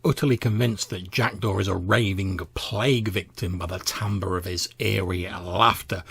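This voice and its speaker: A man's voice: lowish voice, vocal fry, slightly rough. A man narrating as game master of a tabletop role-playing game, casual and full of fillers. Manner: casual, filler-heavy, says like a lot.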